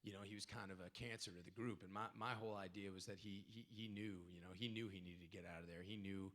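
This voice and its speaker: A man talks in loose, rambling bursts, stumbling over his words and cursing as he answers fans. His voice is bright and forward. A long hall reverb trails behind him. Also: on the low side, steady tone, fast. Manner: rambling, stammering, swears freely. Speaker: guest actor at convention panel. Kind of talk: casual Q&A answers. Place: large convention hall.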